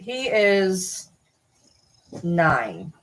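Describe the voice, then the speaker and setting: A woman's voice: mid-range voice, very animated, extremely slow. A woman vlogging casually while talking to her cat, chatty and cursing, slipping into cooing baby talk.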